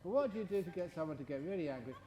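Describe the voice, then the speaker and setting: At a retreat, a monk delivers a lighthearted dharma talk and answers questions, laughing softly and slowly stretching out words to stress them. He speaks on the higher side, expressively and with a warm tone.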